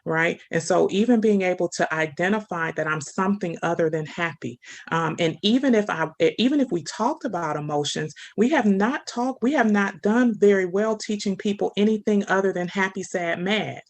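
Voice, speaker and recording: A woman's voice: medium pitch, moderate pace, few pauses. Thoughtful woman guest, explaining. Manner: thoughtful, explanatory, checks in with "right?". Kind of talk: casual discussion.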